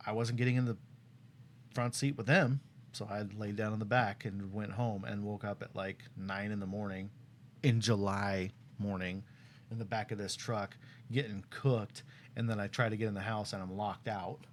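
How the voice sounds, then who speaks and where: Lively storytelling man, low voice. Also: moderate pace, a little hiss or hum. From Tucson, Arizona. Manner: animated storyteller, laughs often, acts out quotes. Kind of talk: casual storytelling chat.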